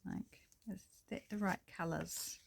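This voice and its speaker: A woman's voice: on the low side, steady tone, measured pace, vocal fry, slight background noise. A woman hosting a casual crafting tutorial at her table, thinking aloud and apologizing with self-deprecating chatter as she works. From New Zealand.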